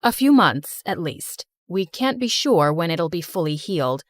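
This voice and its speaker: A woman voices a hospital doctor who delivers news in a measured, matter-of-fact way. The pitch is lowered and level. The recording is dry. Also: very animated, dry recording. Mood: calm. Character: calm hospital doctor, adult.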